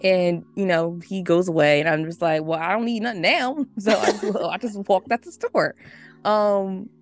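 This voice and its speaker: A woman from the United States telling a story as a podcast guest, chatty and animated, full of "like" and laughter. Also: medium pitch, moderate pace, soft background music. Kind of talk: casual storytelling.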